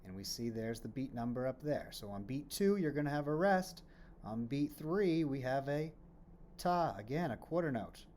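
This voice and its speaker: A man's voice: mid-range voice, expressive, moderate pace, darkish tone. A man teaching a children's music lesson on rhythms, explaining patiently, asking questions and then answering them, and chanting rhythm syllables as he claps.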